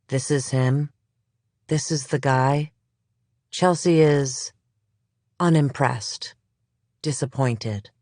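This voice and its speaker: A narrator reads a suspense audiobook slowly and evenly, in a measured storytelling voice of middle pitch. The sound is dry and close, with no room echo. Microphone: close studio mic.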